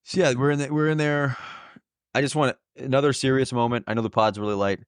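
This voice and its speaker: A man's voice: medium pitch, steady tone, quick pace, clear, resonant tone, no echo, studio quality. A young man casually telling a personal story on a podcast, earnest and emotional and laughing often. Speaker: podcast host, new father.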